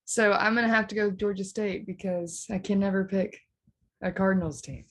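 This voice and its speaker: A woman's voice: medium pitch, fairly even intonation, fairly quick. A young woman giving brief, hesitant picks in a casual chat. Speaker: guest picker.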